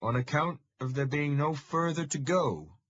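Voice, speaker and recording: A weather-beaten male countryman by a rural road, voiced by a man, blunt and dry in what he says. His voice sits noticeably higher than the reader's own and comes out loud and husky. The storybook recording is slightly dull and lo-fi. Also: normal speed. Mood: wry.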